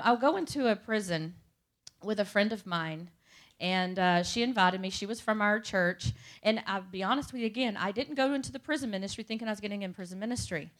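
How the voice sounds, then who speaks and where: A woman sharing her testimony before a congregation, speaking in a conversational storytelling way. She talks directly to the people in the pews at an everyday middle pitch. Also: fairly bright tone. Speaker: church speaker giving testimony.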